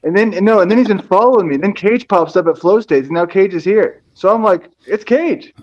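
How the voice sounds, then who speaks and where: A man's voice: high-pitched, fast, a little mellow, lo-fi sound. A man telling jokey stories and trading crude banter in a casual online chat. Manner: joking, storytelling, crude banter.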